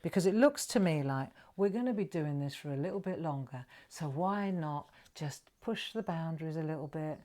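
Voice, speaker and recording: A woman's voice: low-pitched, expressive, moderate pace, hardly any pauses, mellow. A middle-aged woman with a British accent hosting a live drawing tutorial, chatty and coaxing her viewers along. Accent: British English. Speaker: craft presenter.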